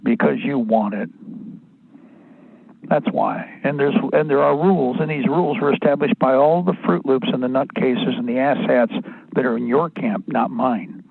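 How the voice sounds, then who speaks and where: A man's voice: medium pitch, moderate pace, gravelly, husky, no echo. A man hosting a talk radio show, rambling and blunt, often restarting his sentences, crude at times. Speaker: radio host. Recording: dry, tinny phone-like sound.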